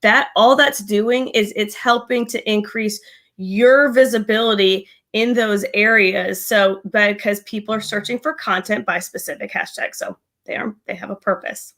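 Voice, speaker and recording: A woman co-hosting a casual live marketing chat, chatty and quick to laugh. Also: medium pitch, fairly even intonation, a bit bright. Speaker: co-host. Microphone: desk mic with a gain knob.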